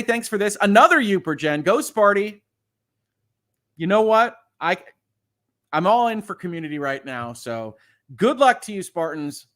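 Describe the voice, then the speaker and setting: Halting, earnest middle-aged male livestream host. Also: a little high, a bit bright. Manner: halting, repeats words, earnest. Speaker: legal channel host. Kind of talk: livestream chat, reading viewer comments.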